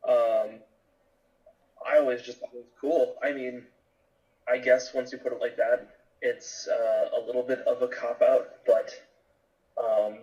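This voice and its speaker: A man's voice: medium pitch, flat delivery, measured pace, pauses often, warm tone, distant mic, muffled recording. A man co-hosting a podcast, chatting about movies in a laid-back, hesitant way with many ums. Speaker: podcast co-host. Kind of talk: casual movie chat.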